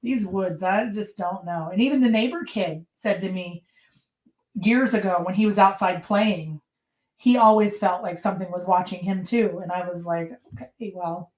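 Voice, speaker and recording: A woman being interviewed on a podcast, telling her stories in a lively way and acting out what people said, often with a laugh. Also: lowish voice, normal speed, reverberant, rough recording. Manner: lively storyteller who acts out quotes and laughs often. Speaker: podcast guest. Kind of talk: casual interview storytelling.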